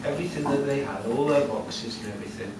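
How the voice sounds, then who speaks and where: A man telling a folk tale live at a storytelling cafe, lively and conversational with asides to the audience. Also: medium pitch, fast, recorded from a distance. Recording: echoey room heard from afar with noise.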